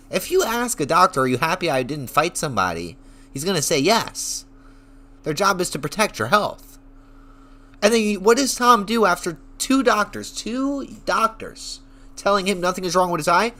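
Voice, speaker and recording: A male streamer rants casually to his viewers, excitable and quick to swear as he rambles through his story. His voice sits a little high and has a bright, tense edge. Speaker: online streamer. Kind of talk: casual reaction rant.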